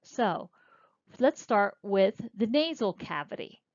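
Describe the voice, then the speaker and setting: Woman, lecture teacher, unhurried, spells terms out, dull lo-fi audio. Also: medium pitch, sing-song, darkish tone, dry recording. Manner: slow explanatory, pointing and spelling terms out. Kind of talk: recorded lecture. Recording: dull lo-fi dry recording.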